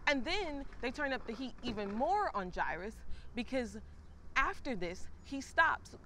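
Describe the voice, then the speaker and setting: Woman, fairly high voice, casual devotional talk, conversational, faint traffic behind. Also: big pitch swings, unhurried, bright, forceful tone. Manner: conversational, retells scripture with acted-out asides. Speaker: host of a faith talk series.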